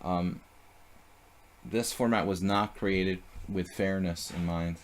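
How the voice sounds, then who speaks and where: A man's voice: low voice, steady tone, slow, heavy background noise. A man streaming live chess, thinking aloud about his moves and chatting casually with viewers.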